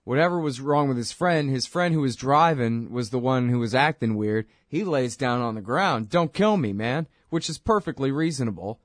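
A man's voice: medium pitch, moderate pace, few pauses, no echo. A man in a mid-range voice talks through a clip in a casual, conversational way, with easy fillers. His voice is recorded close and dry, with no room sound. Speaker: host. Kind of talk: video commentary.

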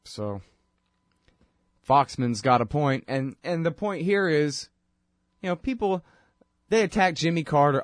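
A man's voice: on the high side, unhurried, pauses often, no room sound, clean studio sound. A man hosting a political talk show, talking casually and rambling, and he mocks voices when he quotes people. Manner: rambling and conversational, mocking voices when quoting.

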